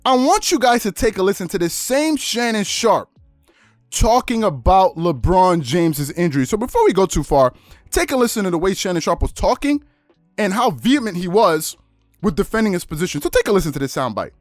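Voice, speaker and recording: A man hosting a sports commentary video, retelling a debate in an animated, quick way. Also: high voice, no room sound, studio quality, soft background music.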